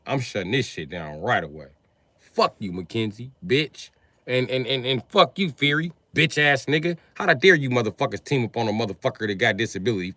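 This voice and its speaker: A man hosting a livestream, ranting at his chat in a combative, profane way and swinging between yelling and muttering. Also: mid-range voice, animated, brisk, no echo. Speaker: livestream host moderating chat. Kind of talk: heated livestream rant at chat.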